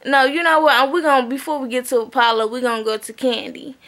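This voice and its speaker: A woman's voice: sits high, fast talker, fairly bright tone. A woman recapping a reality TV episode in a blunt, profane, chatty way. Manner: blunt, profane, chatty, often asks "okay?". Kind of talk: casual recap chat.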